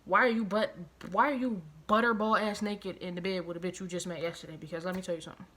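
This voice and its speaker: A woman vlogger telling a personal story, animated and profane, hammering her points home through repetition and outraged disbelief. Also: fairly low pitch, fast talker. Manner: animated, profane, emphatic retelling with heavy repetition; outraged, incredulous. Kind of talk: storytime vlog.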